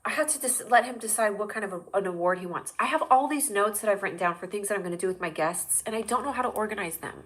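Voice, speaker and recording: A woman's voice: mid-range voice, animated, quick pace, few pauses, fairly bright tone. A woman hosting a livestream show, chatting in a rambling, jokey way straight to her viewers. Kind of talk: casual livestream chat.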